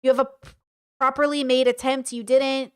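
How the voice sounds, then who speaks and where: A woman's voice: high-pitched, little pitch movement, moderate pace, clean tone, no echo, studio quality. A woman doing casual reaction commentary, reading text messages aloud and reacting bluntly. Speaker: commentary streamer.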